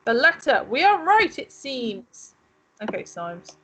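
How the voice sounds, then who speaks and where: A woman's voice: sits high, sing-song, takes it slowly, a bit bright, rough recording. A woman co-hosting a let's play, chatting and musing aloud as she reads game text. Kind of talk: casual gaming commentary.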